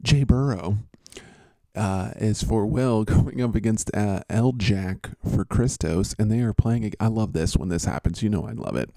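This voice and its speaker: A man's voice: lowish voice, normal speed, mellow, dry recording. A man hosting a casual chat, joking and rambling with a teasing manner. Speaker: host.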